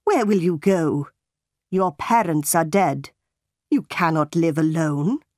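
A woman's voice: low voice, takes it slowly, a little mellow, dry recording, studio quality, pitched below the performer's own voice. A woman doing a cold, scolding aunt. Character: cold, harsh middle-aged aunt.

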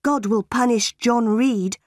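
A woman's voice: on the high side, takes it slowly, a little mellow, dry recording, studio quality. A woman doing a defiant young orphan girl. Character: defiant ten-year-old orphan girl.

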